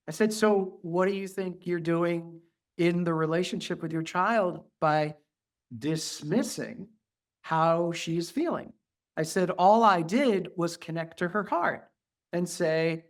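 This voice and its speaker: Middle-aged man, pediatrician guest, earnest, a touch higher pitched, drops to soft soothing asides. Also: unhurried. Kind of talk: conversational interview.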